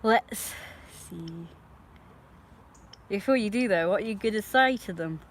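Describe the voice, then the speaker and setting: A woman chats through a casual live stream. Her voice sits at a middle pitch and she talks bluntly, now and then scolding her dog. A faint hiss of noise runs behind her. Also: a little slow.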